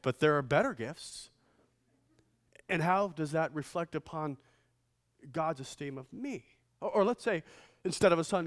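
A middle-aged man preaching from the pulpit, telling funny stories before building to loud, emphatic lines. His voice sits a little high for a man. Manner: storytelling, joking, swells loud for emphasis. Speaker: pastor. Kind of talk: sermon.

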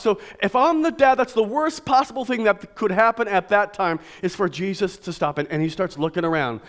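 A male pastor preaching a sermon, emotional and swinging between hushed, soft lines and emphatic, raised ones. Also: sits high.

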